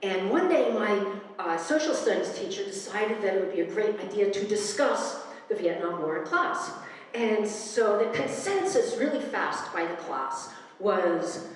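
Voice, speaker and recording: A woman's voice: mid-range voice, expressive, measured pace. A woman in her sixties telling a personal story live at an event, conversational and wry, with frequent fillers. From United States. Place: event hall. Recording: echoey hall, distant mic.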